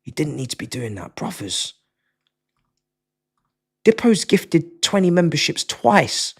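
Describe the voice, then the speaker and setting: A man's voice: fairly high pitch, big pitch swings, slow pace, gravelly, breathy edge. A man hosting a live stream, chatting casually in slang, often laughing and sighing. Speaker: livestream host. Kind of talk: casual livestream chat. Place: his home.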